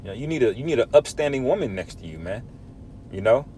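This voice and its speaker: A man teaches from scripture in a sermon style. His voice sits in an ordinary middle pitch. He talks with emphasis, leaning on tags like "man" and "all right?". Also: very animated, fast talker, dark tone, slight background noise. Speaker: preacher.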